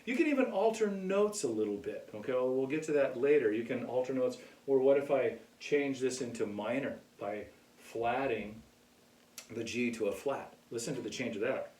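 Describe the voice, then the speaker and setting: A man teaching a casual music lesson in a relaxed way, often checking in with "okay?". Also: medium pitch, moderate pace. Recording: echoey room, mic far off.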